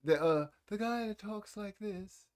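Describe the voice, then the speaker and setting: Speaking in a high voice without any hurry, a man in his forties hosts a laid-back stream. He reads the chat aloud and playfully teases his audience about old movies.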